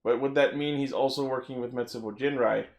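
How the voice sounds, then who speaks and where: A man's voice: medium pitch, fairly even intonation, brisk, reverberant. A man co-hosting a podcast in casual chat, enthusiastically recapping with casual swearing. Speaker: podcast co-host.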